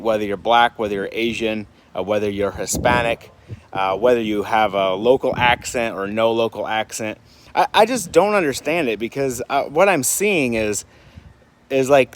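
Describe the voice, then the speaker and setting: A man from Michigan talking casually to camera in a vlog, rambling with fillers and restarts and asking rhetorical questions. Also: mid-range voice. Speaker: vlogger. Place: home in Puerto Rico.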